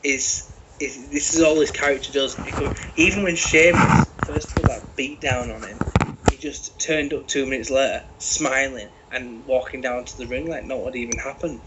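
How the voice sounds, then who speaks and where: A man's voice: mid-range voice, steady tone, moderate pace, noisy background. A British man talking animatedly on a podcast, swearing freely and restarting his sentences often. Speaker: podcast co-host. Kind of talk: casual chat.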